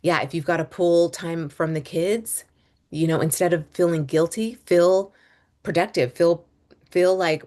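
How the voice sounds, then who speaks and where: A woman's voice: low voice, unhurried, darkish tone. A woman in her thirties, a homeschooling mom and business coach, talking to listeners in a loose, rambling monologue with fillers and restarts. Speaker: podcast host, business coach. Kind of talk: casual monologue.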